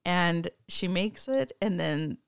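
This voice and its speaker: Woman cohost gushing about a movie, smooth voice, giddy, dry close mic. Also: lowish voice, expressive, slow, no room sound. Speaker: podcast co-host. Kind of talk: casual chat about a movie.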